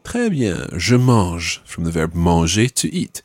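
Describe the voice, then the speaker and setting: A male language teacher leading a spoken lesson, patiently modelling words slowly and clearly. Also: deep voice, big pitch swings, darkish tone, dry recording, studio quality.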